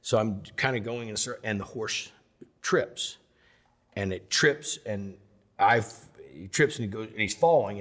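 A middle-aged man with a fairly low voice tells stories in a sit-down interview. His delivery is animated, and he jumps into other people's voices as he goes. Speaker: interview guest.

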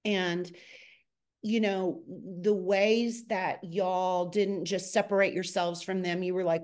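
Animated woman telling stories. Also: slow. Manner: animated, acts out quotes with a high excited voice. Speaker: choreographer, podcast guest. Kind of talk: casual storytelling chat.

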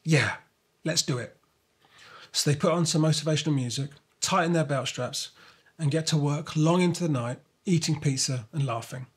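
Husky man narrating a children's story. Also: on the high side, a little fast. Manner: lively, expressive storytelling.

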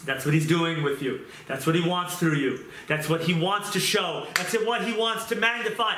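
A middle-aged male pastor preaching an impassioned sermon, moving from quiet talk to shouting. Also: sits high, moderate pace, slight background noise. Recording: roomy echo.

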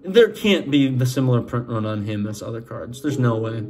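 A man's voice: medium pitch, animated, moderate pace, darkish tone. A man with a Boston accent hosting a sports card channel, chatting and joking with viewers while opening packs. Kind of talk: casual pack-opening commentary.

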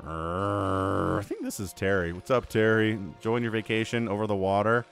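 A man's voice: lowish voice, normal speed, vocal fry, soft background music. A man casting a strategy video game on his own, chatty and full of joking asides. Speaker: game shoutcaster. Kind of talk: casual solo game commentary.

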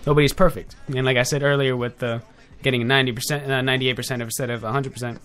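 A man's voice: mid-range voice, little pitch movement, fast talker, a bit bright, smooth. A young man with an ordinary mid-range voice hosts a loose online radio chat. He rambles, breaks off and corrects himself as he goes. He speaks to his listeners directly and informally. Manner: rambling, with frequent self-corrections and filler. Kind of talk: casual off-the-cuff talk show. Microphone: headphones with a desk mic.

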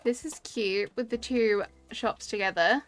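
A woman's voice: fairly high pitch, a little slow. British woman, thirties, live-stream host; casual, giggly, reads chat aloud. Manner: chatty, laughs often, reads chat comments aloud.

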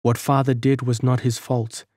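Man doing a young storybook girl, soft, earnest, wistful, sorrowful, dry close recording. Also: mid-range voice, little pitch movement, moderate pace, dry recording, lightly acted. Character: young village girl, gentle, sorrowful and shunned. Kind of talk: audiobook character reading.

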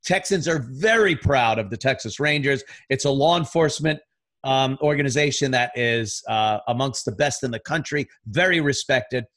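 A middle-aged man, a podcast guest, in a casual chat, talking bluntly with lots of swearing and animated storytelling. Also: mid-range voice, moderate pace. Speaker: podcast guest, radio host.

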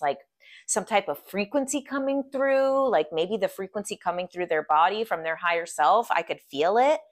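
Chatty woman vlogger, lowish voice. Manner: chatty, full of "like" fillers. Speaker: vlogger telling a story. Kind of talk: casual storytelling.

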